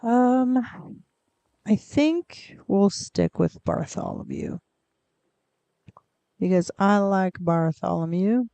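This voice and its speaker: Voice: mid-range voice, sing-song, slow, vocal fry, pauses often, dark tone, dry recording. A game streamer in casual gameplay commentary, chatty and rambling, cooing at pets in the game, close to a desk mic.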